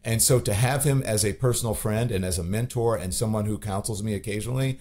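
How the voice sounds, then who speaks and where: A man's voice: lowish voice, quick pace, a little mellow. A man, a podcast guest telling his story candidly with many restarts and fillers. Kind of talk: podcast interview.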